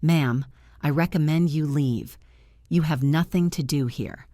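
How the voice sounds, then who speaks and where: A woman's voice: deep voice, unhurried, warm tone, no room sound, clean studio sound. A woman voicing a cold, contemptuous man. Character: cold contemptuous bullying middle-aged man.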